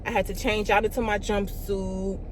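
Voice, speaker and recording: A young woman, telling a storytime vlog in an animated, profane way, full of "like" and "y'all". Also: medium pitch, moderate pace, slight background noise. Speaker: vlogger.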